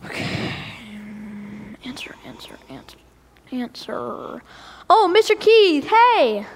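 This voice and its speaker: A woman playing an eager, creative young boy in a church skit, talking in a chatty, excitable way. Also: sits high, measured pace, big-room sound, slight background noise, exaggerated voice.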